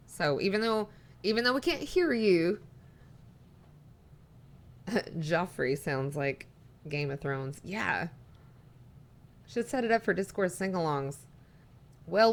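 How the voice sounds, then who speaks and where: Woman, live streamer, casual chat, rambling, reads messages aloud, mid-pitched voice.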